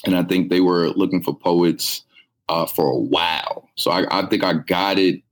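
A man's voice: low voice, fairly even intonation, normal speed. A young man from New York, a poet who is a guest on an interview show, talking in a laid-back, reflective, slangy way. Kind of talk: casual interview chat.

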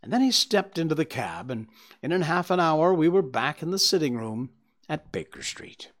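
A man reading a classic detective story aloud in a measured, expressive narrating style. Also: on the high side. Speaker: audiobook narrator.

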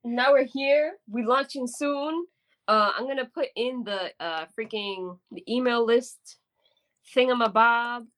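A woman's voice: fairly high pitch, a little slow, a bit bright. A woman co-hosting a podcast in casual chat, emphatic and repeating phrases for effect. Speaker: podcast co-host.

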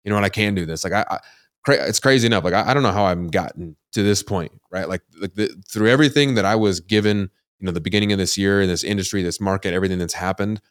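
A man's voice: low-pitched, fast, smooth, no room sound, clean studio sound. A man hosting a podcast, talking candidly and rambling, with many fillers like "like" and "you know". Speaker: podcast host. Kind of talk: casual podcast interview.

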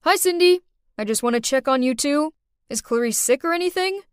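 A woman voicing a father checking in by phone, quick and casual, in an animated story. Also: high voice, no echo, clean studio sound, voice pushed up.

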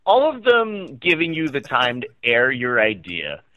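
A man's voice: medium pitch, huge pitch swings, measured pace, no room sound. A man co-hosting a podcast in casual chat, with dry teasing banter. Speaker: podcast co-host. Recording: dry, muffled mic.

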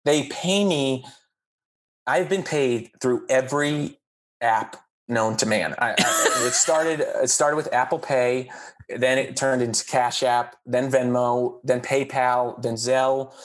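A man's voice: mid-range voice, takes it slowly. Man telling a rambling comic story. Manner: animated, rambling anecdote with lively asides. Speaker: podcast guest. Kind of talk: casual comedic storytelling.

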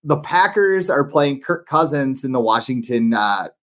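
A man's voice: mid-range voice, animated, measured pace, a bit bright. A man co-hosting a podcast, telling a rambling story in casual chat, full of "like" and restarts. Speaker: podcast co-host.

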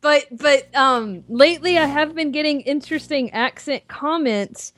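A woman with a softened Southern US accent, talking as a guest on a podcast, rambling with many fillers and restarts. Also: high voice, measured pace, no echo. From American South. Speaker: guest, author and fitness coach. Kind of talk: casual podcast interview. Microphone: podcast microphone.

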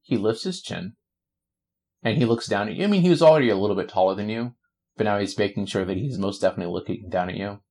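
Husky-voiced man running a tabletop game. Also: fairly low pitch, darkish tone. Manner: joking, quick asides. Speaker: game master.

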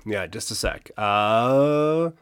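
A man co-hosting a casual history podcast, relaxed and jokey, with crude asides. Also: lowish voice, very slow, clean tone. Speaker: podcast co-host.

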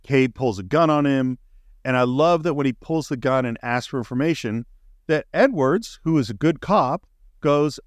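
On a casual podcast about film, an enthusiastic male co-host walks through movie scenes at a moderate pace. His mid-range voice is recorded dry and close, with no room sound.

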